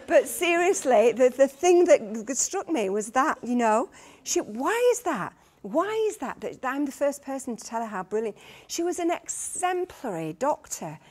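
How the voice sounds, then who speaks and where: A middle-aged Englishwoman with a Lancashire accent, speaking as a guest at a professional masterclass. Her voice sits a little high for a woman. She tells stories with earnest energy, often breaking off mid-word and starting again. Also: normal speed, few pauses. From Lancashire, England. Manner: earnest, lively storytelling with many restarts. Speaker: guest speaker, consultant midwife. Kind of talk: conference talk.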